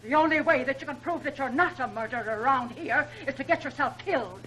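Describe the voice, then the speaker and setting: A scornful, greedy heiress. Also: female voice, high voice, fast, fairly bright tone, rough recording. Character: sharp-tongued, greedy woman heir. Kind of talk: 1930s film acting. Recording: old film soundtrack with faint noise.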